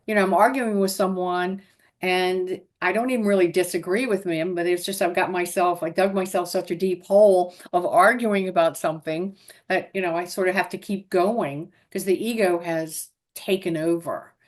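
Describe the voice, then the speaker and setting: A woman's voice: fairly low pitch, fairly even intonation, normal speed. A woman interviewing a guest, thoughtful and asking questions with some fillers. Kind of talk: interview conversation.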